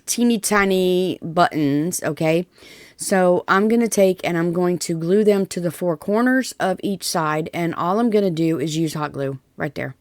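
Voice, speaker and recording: A woman's voice: on the low side, unhurried, dry recording. Chatty Southern woman crafting. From Tennessee. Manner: chatty, folksy, rambling with fillers. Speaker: DIY crafts vlogger. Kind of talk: casual voiceover narration of a craft project.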